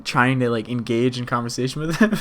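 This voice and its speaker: A man's voice: mid-range voice, a little fast, fairly bright tone. A young man co-hosting a podcast, telling a story in casual chat, laughing often and swearing freely. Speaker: podcast co-host.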